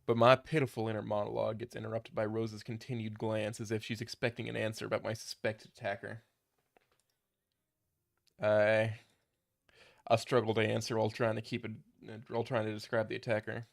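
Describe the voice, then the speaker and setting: A man's voice: lowish voice, completely flat delivery, fairly quick, gravelly. A man casually reading a fan story aloud, with small stumbles and restarts as he goes. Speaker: story narrator.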